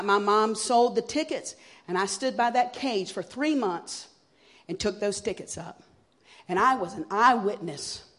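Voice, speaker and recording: A woman sharing her personal testimony at a church evening, telling her story with emotion, dropping to a hush and then rising loud as she acts out what people said. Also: lowish voice. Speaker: guest speaker sharing a testimony.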